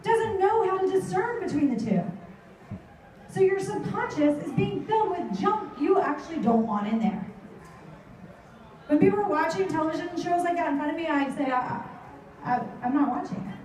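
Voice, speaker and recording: A middle-aged woman with a high, mellow voice gives a motivational talk to a live audience. She tells lively stories and slips into her children's voices. She is heard from well off the mic in a very echoey hall. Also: normal speed, distant mic, slight background noise. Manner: animated storytelling, acts out her kids' voices. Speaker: motivational speaker.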